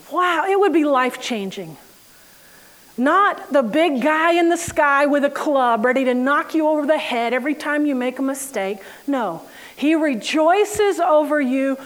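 A woman with a bright, high voice preaches in a relaxed, conversational way. She tells everyday stories with lively energy and laughter, then slows down and softens for scripture passages. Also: low-quality recording. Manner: animated, laughing storyteller who reads scripture slowly. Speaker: Bible teacher. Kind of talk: conversational sermon.

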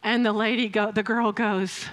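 A woman with a medium-pitched, slightly bright voice and a flat delivery preaches at normal speed into a handheld or stand mic in a church hall. The recording has long hall reverb, and she tells stories with frequent laughs and emphatic rises.

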